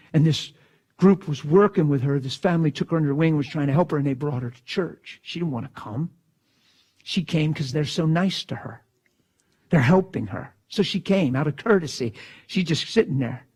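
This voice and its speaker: Husky, fervent male preacher. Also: a little high. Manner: swings from hushed storytelling to shouted bursts. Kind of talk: sermon storytelling.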